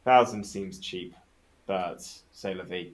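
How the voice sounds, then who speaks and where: A man's voice: low voice, slow. A man guest on a casual podcast chat, telling stories with enthusiasm and swearing freely.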